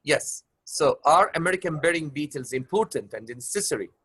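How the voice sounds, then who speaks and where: A man's voice: fairly high pitch, animated, fairly quick, fairly bright tone. A male teacher leading an online class discussion, who keeps rephrasing his questions with plenty of filler uhs and calls his students love. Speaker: English teacher.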